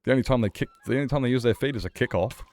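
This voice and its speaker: A man's voice: mid-range voice, racing, a little mellow. A man streaming a survival game, chatting with viewers in a worked-up, playful rant. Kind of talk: casual live-stream chat.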